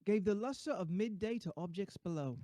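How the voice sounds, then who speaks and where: A man's voice: high-pitched, expressive, a little fast, dark tone, no echo. A man reading a Christmas poem aloud in a put-on New Zealand accent, breaking into jokey asides. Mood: playful. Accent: mock New Zealand.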